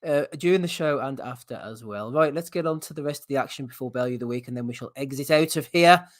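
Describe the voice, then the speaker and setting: A man's voice: mid-range voice, fast, no echo, studio quality. A man hosting a casual boxing podcast, reading out names from the live chat and steering the show along. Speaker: podcast host.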